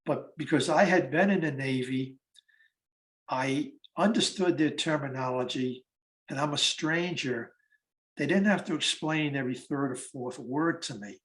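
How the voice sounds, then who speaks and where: An animated storyteller in his eighties recounts tales of the war veterans he interviewed, acting out their conversations. His voice is medium-pitched and his pace measured.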